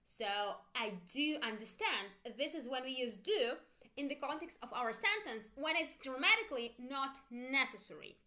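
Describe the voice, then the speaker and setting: A woman's voice: high voice, animated, moderate pace, pushed and bright. A woman whose first language is Russian teaches an online English grammar lesson, repeating phrases for learners to echo.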